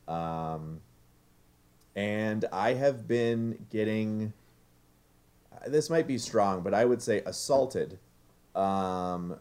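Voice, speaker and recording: Very low-voiced male podcast co-host, unhurried, jokey with laughs. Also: darkish tone. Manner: jokey, laughs often, halting restarts. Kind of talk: casual podcast chat. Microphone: remote recording setup.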